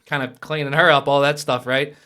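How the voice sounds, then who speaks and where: A young adult man telling a personal story as a podcast guest, lively and casual, with swearing. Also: on the high side, brisk. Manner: animated, swears, acts out quoted voices.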